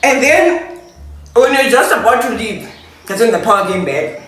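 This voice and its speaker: A woman's voice: on the high side, expressive, normal speed, fairly bright tone. A young woman, chatting and laughing as she tells a storytime vlog while eating. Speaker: vlogger. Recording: echoey room, distant mic, faint noise.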